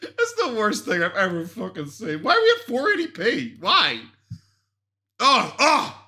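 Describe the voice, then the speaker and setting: A man's voice: high voice, huge pitch swings, a little slow, pushed and bright. A man doing mocking reaction commentary into a desk microphone, swearing and laughing often. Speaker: commentary youtuber reacting to a vlog. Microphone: desk USB microphone.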